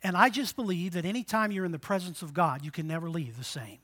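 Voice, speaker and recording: A man in his sixties preaching a sermon, swinging between loud exhortation and quiet, low asides, and calling for amens from the congregation. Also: fast talker, breathy edge. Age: 60s. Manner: call-and-response with the congregation. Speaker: pastor.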